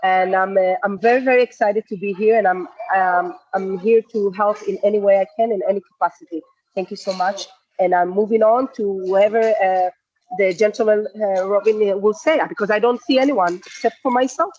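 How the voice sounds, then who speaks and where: A woman's voice: mid-range voice, brisk, darkish tone, muffled recording. A mother introducing herself eagerly on a video call, chatty with many fillers. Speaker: parent committee member. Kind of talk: virtual meeting introduction. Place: noisy hockey arena.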